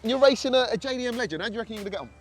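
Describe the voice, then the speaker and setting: A man's voice: very high-pitched, racing. A man hosting a car channel, delivering hyped narration and chatting casually with guests. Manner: energetic, lively hype delivery.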